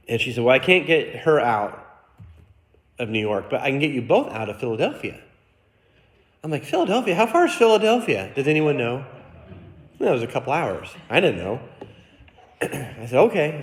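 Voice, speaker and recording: A middle-aged male pastor preaching in a roomy church sanctuary, his voice of ordinary pitch ringing off the walls. He tells a personal story, acts out what people said, and puts questions to the congregation. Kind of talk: sermon.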